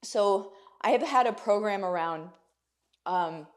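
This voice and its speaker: A woman's voice: medium pitch, slow. A woman hosts a live video for her followers, her voice tearful and a little shaky. She speaks from the heart and repeats key phrases with a preacher's emphasis. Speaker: online business coach and livestream host. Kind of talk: emotional live video talk to viewers.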